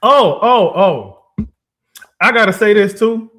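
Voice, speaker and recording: A man's voice: high voice, animated, slow, fairly bright tone. A man co-hosting a casual sports podcast, arguing emphatically with rhetorical questions and frequent laughter. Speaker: podcast co-host.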